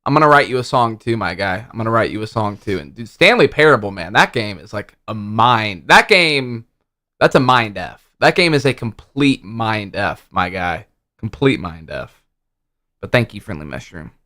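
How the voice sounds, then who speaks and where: Young male co-host, lively pitch, excitable and slangy. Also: normal speed. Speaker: stream co-host. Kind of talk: casual stream chat.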